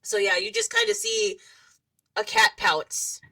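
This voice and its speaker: Gravelly, giggly woman game master. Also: very high-pitched, pushed and bright, recorded from a distance, rough recording. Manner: laid-back, giggly, halting with fillers. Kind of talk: running a tabletop game over voice chat.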